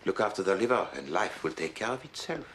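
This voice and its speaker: An actor playing a vain, fastidious middle-aged Belgian detective with a Belgian French accent, speaking precisely and a little pompously in a period TV drama. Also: male voice, sits low, big pitch swings, heavy background noise. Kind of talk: 1980s-90s TV period drama acting. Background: background score.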